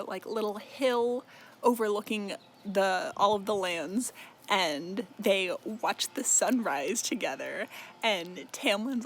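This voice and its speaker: A man's voice: sits high, fairly bright tone. A young man giving a casual, rambling book recap, swearing freely and saying "like" often. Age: young adult. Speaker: book video host.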